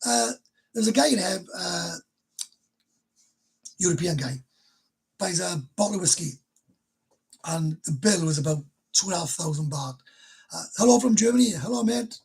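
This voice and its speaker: A man's voice: fairly high pitch, normal speed, vocal fry, long pauses, slightly rough, low-quality recording. A middle-aged man hosting a casual livestream, talking bluntly and chattily and swearing now and then. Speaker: livestream host.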